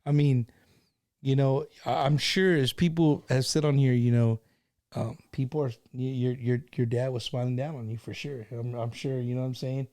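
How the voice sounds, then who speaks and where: A man's voice: mid-range voice, steady tone, moderate pace, dark tone. A man hosting a casual interview, laid-back and slangy, calling his guest bro. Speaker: host.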